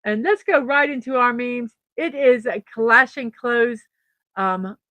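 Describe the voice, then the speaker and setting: A woman's voice: on the high side, measured pace, fairly bright tone, dry recording. A middle-aged woman hosting a daily morning show in a casual chat, reading birthdays and memes, laughing often and stumbling over names.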